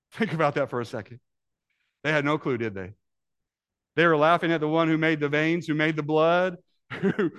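Preacher man swinging hushed to loud. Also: a little high, clear, resonant tone. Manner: acts out voices in Bible scenes. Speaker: pastor. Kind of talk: sermon.

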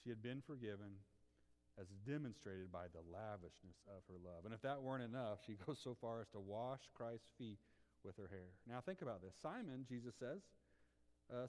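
A man preaching a sermon with passion, swinging from loud outbursts to hushed tones and asking his listeners rhetorical questions. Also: fairly low pitch, lively intonation, normal speed, long reverb tail. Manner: asks the congregation rhetorical questions. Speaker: pastor.

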